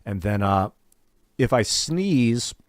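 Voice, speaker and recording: A man's voice: medium pitch, lively intonation, takes it slowly, no echo, studio quality. A man hosting a gaming stream, chatting casually and candidly, swearing freely and acting out what other people said. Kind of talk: casual rambling chat.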